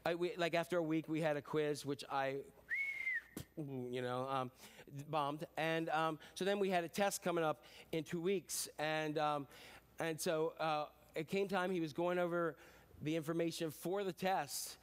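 Chatty middle-aged pastor, slightly high voice. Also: male voice, fairly even intonation, a little slow, slight background noise. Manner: chatty storytelling, self-deprecating, many fillers. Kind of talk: conversational sermon.

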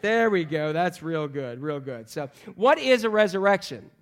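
A middle-aged man, a pastor, preaching a sermon with lively, joking storytelling and frequent fillers. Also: a little high, moderate pace. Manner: animated, humorous storytelling with many fillers.

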